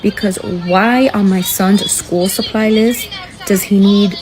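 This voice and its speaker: A woman's voice: medium pitch, fairly even intonation, takes it slowly, background noise. A mother venting bluntly and irritably, swearing as she complains. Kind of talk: profane venting rant.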